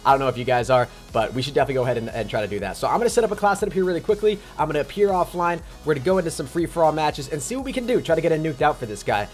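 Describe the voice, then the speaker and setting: A young man live-streaming a video game, greeting viewers by name in rapid casual shoutouts and chatting about his plans. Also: a little high, animated. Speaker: livestreamer. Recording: faint music behind.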